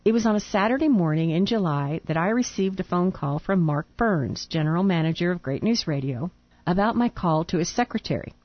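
Female radio co-host reading a letter on air, lowish voice, good-humored, dry muffled studio sound. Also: animated, brisk, no echo. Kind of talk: reading a listener letter aloud.

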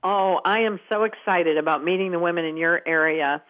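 A woman's voice: fairly low pitch, brisk. An older woman telling stories earnestly as a guest on a phone-in radio interview. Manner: earnest, warmly emphatic storyteller. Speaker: guest speaker. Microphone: telephone. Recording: tinny phone line.

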